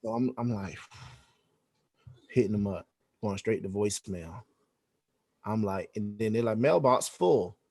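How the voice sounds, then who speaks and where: A podcast guest tells a story in a casual interview, animatedly acting out the dialogue with heavy slang and swearing. His voice is on the low side and unhurried, with long pauses.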